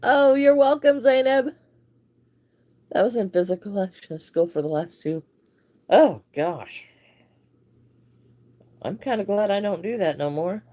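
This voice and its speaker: A woman's voice: mid-range voice, expressive, unhurried, long pauses, dark tone. A woman hosting a casual crochet livestream, chatting and greeting viewers by name with frequent laughs.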